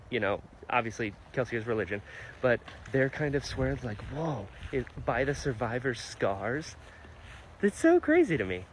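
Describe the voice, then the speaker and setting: A man's voice: a little high, a little hiss or hum. A man casually reacting to a fantasy novel he is reading, enthusiastic and chatty. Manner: enthusiastic, animated, many fillers. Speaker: book vlogger. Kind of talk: casual book reaction vlog.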